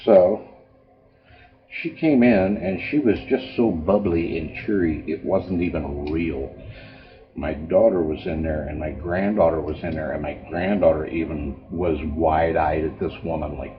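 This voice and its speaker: Deep-voiced older man rambling in his kitchen. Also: a little slow. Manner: rambling, folksy storyteller. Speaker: home cook. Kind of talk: casual cooking vlog. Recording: dull lo-fi home video with faint music.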